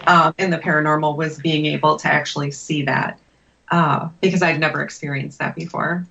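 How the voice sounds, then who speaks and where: Gravelly woman co-host, lo-fi sound. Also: low voice, fairly even intonation, a little fast, sharp tone. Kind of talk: casual interview chat.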